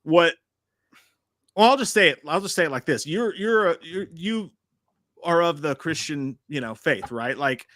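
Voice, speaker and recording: A man's voice: on the high side, lively intonation, moderate pace, fairly bright tone, dry recording, clean studio sound. A man co-hosting a casual movie discussion, swearing freely and laughing often. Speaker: podcast co-host.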